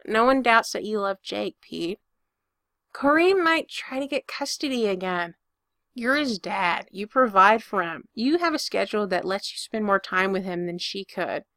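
A woman voicing a calm young man who reassures his friend in a steady, blunt, teasing way. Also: medium pitch, moderate pace, no room sound, studio quality. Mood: reassuring.

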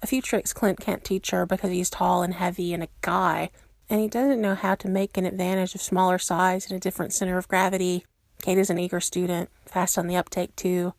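A woman narrating a story aloud in a steady, measured way. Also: lowish voice, gravelly, no echo, studio quality. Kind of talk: reading fan fiction aloud.

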